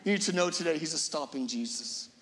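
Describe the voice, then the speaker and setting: A middle-aged man preaching a sermon as guest pastor, swinging between loud emphatic lines and hushed, low ones. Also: lively intonation, fast talker, a little hiss or hum. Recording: long reverb of a large hall.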